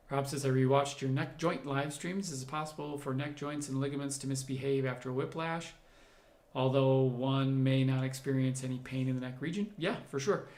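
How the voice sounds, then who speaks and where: This man, a doctor, answers viewer comments he reads aloud during a livestream Q&A, thinking out loud as he explains in a conversational way. His voice sits in the mid range with a darkish tone, and the room is echoey.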